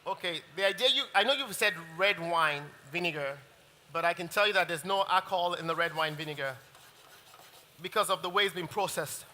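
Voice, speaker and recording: Brief: man, middle-aged chef, high bright voice, chatty demo patter, echoey hall. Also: a little fast, slight background noise. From Nigeria. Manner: chatty, laughing, restarts sentences. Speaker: chef giving a cooking demonstration. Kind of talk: live cooking masterclass. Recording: reverberant event hall.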